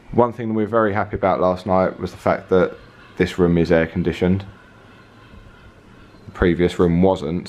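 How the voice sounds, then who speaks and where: A man's voice: lowish voice, a little mellow, reverberant. A man chatting casually to camera as he tours and narrates a travel vlog. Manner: chatty and informal, touring to camera. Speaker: travel vlogger.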